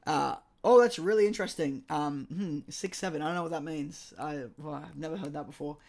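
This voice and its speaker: A hoarse man streams maths exam tutoring from home, his voice gravelly with fry and set a little high. He talks in a loose, chatty, apologetic way, reading the viewer chat aloud into his streaming mic. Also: fairly quick, darkish tone. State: hoarse, croaky voice. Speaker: maths teacher. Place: at home, indoors. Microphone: streaming microphone.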